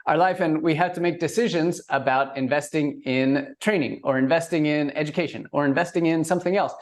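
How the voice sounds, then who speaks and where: A man's voice: fairly high pitch, fairly quick. A man hosting an interview, speaking conversationally as he frames questions for his guest. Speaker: podcast host. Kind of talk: casual interview.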